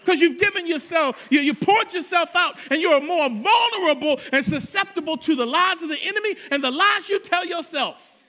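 A man preaching a sermon as a pastor, swinging between shouted declarations and hushed, confiding asides, with a repetitive preaching cadence. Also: very high voice, animated, moderate pace.

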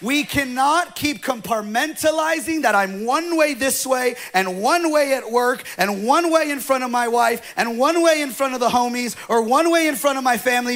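A pastor preaching a sermon in a church with great passion, swinging from loud peaks to soft, choked-up near-whispers. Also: male voice, extremely high pitch. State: choked up with emotion. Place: church hall.

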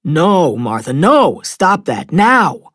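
A woman narrator voicing a steady, protective husband and father, firm with the dog and gentle with his family, in an audiobook. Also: a bass voice, normal speed, dry recording, clean studio sound, voice pushed down. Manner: firm then gently reassuring. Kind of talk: audiobook character voice.

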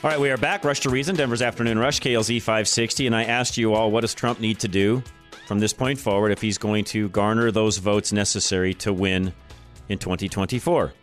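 An American talk radio host with a lowish, fairly even voice speaks fairly quickly into a studio microphone, with faint music behind him. He delivers a blunt, opinionated monologue, repeating his points for emphasis.

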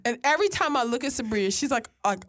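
A young woman from Philadelphia telling stories in an animated, laughing, profane casual chat. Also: fairly high pitch, fast. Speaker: storyteller.

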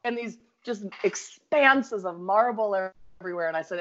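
A Minnesotan woman telling a long story in an easygoing, animated way, laughing as she goes and talking in eager bursts. The audio is a little dull and lo-fi. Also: mid-range voice, normal speed, hardly any pauses. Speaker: guest storyteller. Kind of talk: casual storytelling chat.

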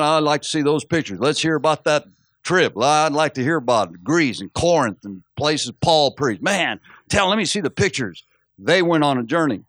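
A man's voice: a little high, no echo, clean studio sound. A middle-aged man preaching a sermon as pastor, telling stories and acting out quotes with laughter. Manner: storytelling, animated, acts out quotes with laughs.

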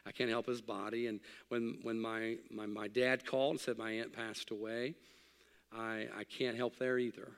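Gravelly preacher in a reverberant hall. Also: male voice, fairly low pitch, normal speed. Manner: swings between loud excited preaching and hushed quiet reflection. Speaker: pastor. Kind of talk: sermon.

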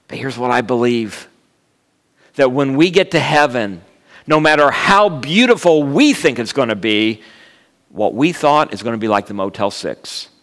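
A man in his fifties delivers a sermon in a church, and the hall gives his voice a long reverb tail. He talks at a middle pitch and works the room with jokes, asides and homespun stories. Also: a bit bright. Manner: humorous, storytelling, jokes with the congregation. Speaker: guest preacher. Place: church sanctuary.

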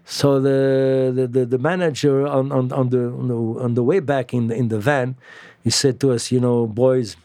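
Halting man telling stories. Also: mid-range voice, no echo. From France. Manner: halting, many fillers and restarts, animated. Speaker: musician guest. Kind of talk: casual storytelling interview.

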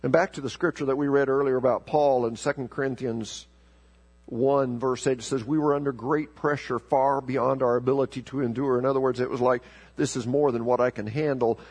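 A man preaching a sermon, telling a story with sharp emphatic rises and slowing to a low, deliberate voice for scripture. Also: fairly even intonation, breathy edge. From South America. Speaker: pastor.

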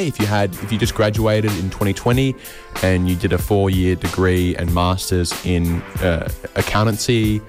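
A man with an Australian accent hosting a comedy podcast, rambling sarcastically and jumping into high mocking voices when he quotes people. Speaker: podcast host.

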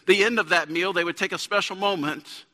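A man's voice: high-pitched, fairly even intonation, fairly quick, sharp tone. A man in his thirties preaching a conversational sermon as a pastor, building up to emphatic peaks. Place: church sanctuary. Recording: long church hall reverb.

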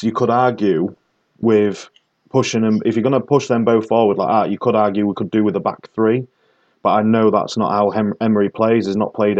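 A man's voice: on the low side, darkish tone, muffled recording. A man with a Northern English accent, ranting opinionatedly on a casual football podcast. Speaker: podcast co-host.

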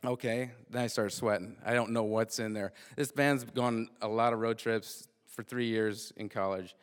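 A man's voice: on the low side, normal speed, smooth. Man telling a rambling story, reverberant hall. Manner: animated, repeats and restarts words often. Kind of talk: live casual storytelling.

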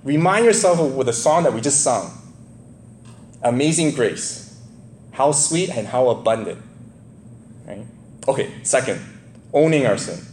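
Male preacher, mid-pitched, laid-back and chatty, laughs between points; echoey church room. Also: animated, unhurried, pauses often, a little mellow, slight background noise. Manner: casual, chuckling, keeps asking "right?". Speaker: pastor. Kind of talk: conversational sermon. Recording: echoey room, faint ambience.

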